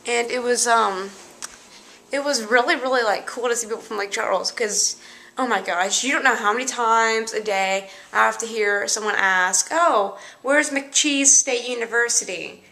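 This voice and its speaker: Young woman vlogging, chatty and rambly, bright voice with lots of fry. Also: on the high side, steady tone, moderate pace. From Louisiana, United States. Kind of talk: casual chat.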